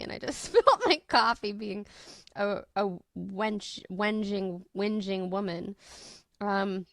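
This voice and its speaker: A woman host leading a group coaching call, gently guiding and reflective. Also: medium pitch, normal speed, no room sound, clean studio sound. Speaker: mentor and host.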